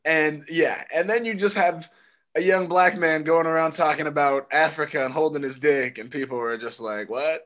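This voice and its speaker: A man's voice: a little high, steady tone, moderate pace, a bit bright. A young man co-hosting a casual chat, laid-back and joking, laughing often. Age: young adult. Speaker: podcast co-host and stand-up comic.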